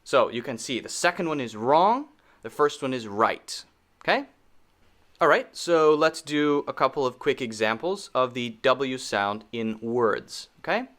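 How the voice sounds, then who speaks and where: A man gives a pronunciation lesson at a slow, unhurried pace. He sits at an ordinary middle pitch and repeats each sound patiently so it can be copied. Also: animated, a bit bright. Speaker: pronunciation teacher. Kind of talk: spoken lesson.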